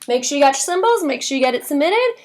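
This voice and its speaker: Brief: high-pitched woman teacher, lively classroom delivery, repeats key words in a chant. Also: fast talker. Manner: animated, repeats words in a chanting memory drill. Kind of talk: classroom history lesson.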